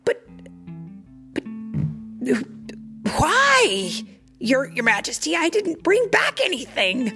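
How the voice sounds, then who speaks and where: A woman voicing a kind-hearted young prince who speaks softly and earnestly and stammers when surprised. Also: high-pitched, wildly swooping pitch, slow, long pauses, soft background music, heavily acted. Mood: astonished.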